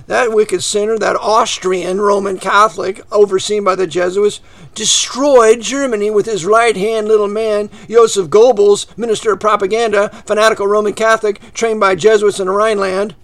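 A man preaching a fiery, ranting monologue to his listeners, often breaking into shouts and dropping to low, quiet asides. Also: fairly even intonation, moderate pace, vocal fry.

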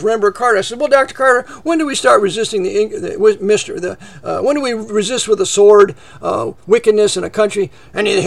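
Guy preaching hot and sarcastic, really high voice, keeps restarting mid sentence. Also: vocal fry, fairly bright tone. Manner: heated, sarcastic, rambling with restarts. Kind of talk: fiery political sermon.

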